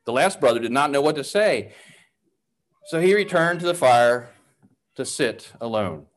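A man narrating a parable in a measured, expressive storytelling manner. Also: mid-range voice.

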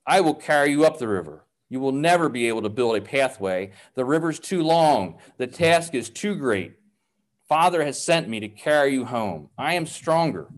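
A calm, patient eldest brother speaks softly and gently, as a man reads him aloud. His pitch moves with lively variation while staying kind and steady, in a storybook telling. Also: normal speed, natural voice. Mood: gentle. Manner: soft, patient.

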